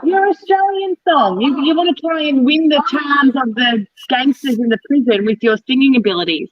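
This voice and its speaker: Mum prompting her kid from off camera, bit high, dull lo-fi sound. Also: moderate pace, dry recording. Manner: prompting, encouraging. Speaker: mother.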